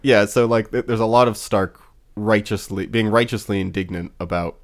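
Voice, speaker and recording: A man's voice: lowish voice, fairly even intonation, normal speed. A man co-hosting a podcast, rambling in casual chat with many fillers and wry laughs. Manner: rambling, lots of fillers and restarts. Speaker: podcast co-host.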